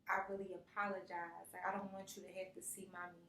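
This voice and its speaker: A woman's voice: fairly low pitch, fast. A young woman as an interview guest, chatting casually and acting out the people in her stories. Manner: animated storyteller, acts out quotes, laughs often. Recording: roomy, distant mic, faint noise.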